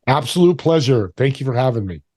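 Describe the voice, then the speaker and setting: 男性のゲスト、乾いた音の語り. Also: male voice, mid-range voice, brisk, dry recording. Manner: animated storyteller, acts out quoted voices. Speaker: podcast guest. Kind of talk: storytelling interview talk.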